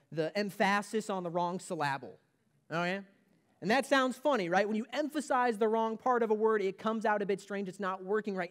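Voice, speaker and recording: A man preaching a sermon as pastor of a church, emphatic and repeating his key points. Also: high voice.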